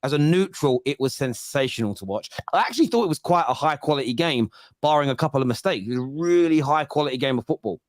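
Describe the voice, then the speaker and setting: A young adult man hosting a football fan show, chatting casually and reacting to comments with quick restarts and mock-exasperated asides. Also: mid-range voice, animated, dry recording, studio quality. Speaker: football fan channel host. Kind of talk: casual live chat reading fan comments.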